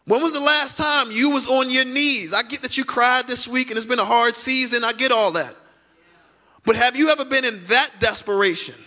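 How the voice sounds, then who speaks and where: A man preaching a sermon as pastor, speaking to the congregation with direct questions and drawn-out emphatic words. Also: very high voice, pushed and bright. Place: church sanctuary.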